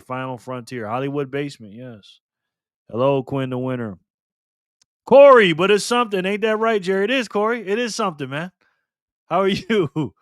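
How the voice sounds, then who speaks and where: A man hosts a relaxed live stream and reads the chat aloud. His mid-range voice swings up high when he greets people and drops back down for asides. He is recorded close and dry. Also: no echo. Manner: animated, greets chat viewers by name, laughs often.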